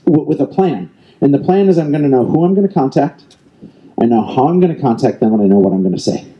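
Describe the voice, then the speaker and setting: A man's voice: fairly high pitch, warm tone, muffled recording. A middle-aged man, a real estate team leader, giving an emphatic motivational keynote on stage and coaching the audience directly with lots of repetition. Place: event stage before a live audience.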